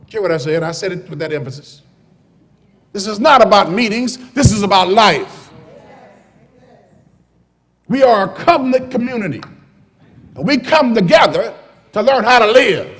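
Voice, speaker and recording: A man preaching a sermon as pastor from the pulpit, starting calm and building to loud, shouted preaching. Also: high voice, moderate pace, long pauses, slightly rough, long reverb tail. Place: church sanctuary.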